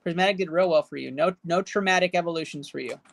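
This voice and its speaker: A woman's voice: on the low side, fast talker, gravelly, dry recording. A woman hosting a live stream, casually chatting with viewers and rattling off running number totals as she opens packs. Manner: rattles off running card value totals aloud; cheers and banters with chat viewers. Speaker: livestream host opening card packs.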